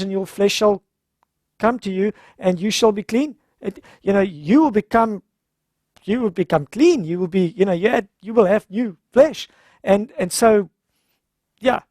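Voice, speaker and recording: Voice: mid-range voice, darkish tone, dry recording, studio quality. A speaker gives a conversational Bible-story sermon at a health seminar, retelling scripture informally and acting out the characters' lines.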